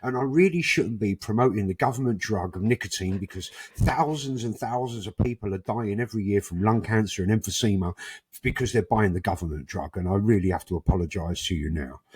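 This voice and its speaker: A man's voice: lowish voice, brisk, husky. A man, a podcast guest telling cheeky anecdotes in a casual interview and acting out the people in them. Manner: cheeky, animated anecdotes with acted-out quotes. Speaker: podcast guest, musician and club founder.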